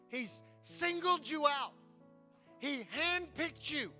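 Pastor guy preaching, punchy and repetitive, bright sharp voice. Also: very high-pitched, huge pitch swings, a little slow, soft background music. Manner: emphatic, repetitive preaching to a congregation. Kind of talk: sermon.

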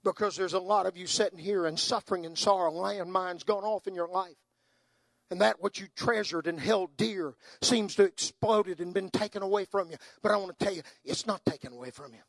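An older man preaching a sermon, moving from hushed, tender storytelling to soaring, impassioned climaxes. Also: sits high, a little fast, vocal fry, no echo.

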